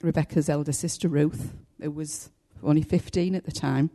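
An older woman shares a testimony before her church, pausing often and filling gaps as she goes. Her voice sits very low and has a mellow, soft-edged tone. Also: steady tone. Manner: halting and heartfelt, many pauses and fillers. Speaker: church member giving testimony. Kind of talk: personal testimony to a congregation.

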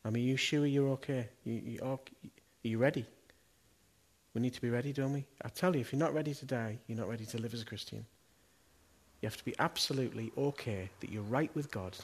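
Fast-talking, with a medium-pitched and slightly rough voice, a middle-aged pastor delivers a church sermon. He speaks earnestly in a conversational way, firing one question after another at his listeners.

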